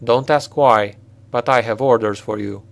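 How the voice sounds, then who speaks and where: A man reading a storybook voices a blunt, practical male mercenary captain who talks in a forceful, direct way. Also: medium pitch, measured pace, vocal fry. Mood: commanding.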